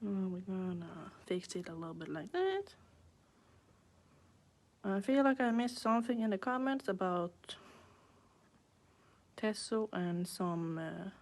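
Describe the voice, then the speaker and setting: A woman nail artist talks through a live nail art class in an unhurried, relaxed way. She chats casually and thinks aloud as she paints, adding playful little sound effects. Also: medium pitch.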